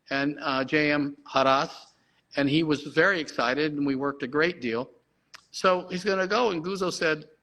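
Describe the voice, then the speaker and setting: A middle-aged man with a slightly high, bright, forceful voice tells an animated story. He talks in an excited rush and keeps restarting his sentences. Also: rough recording. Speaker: horse breeder guest.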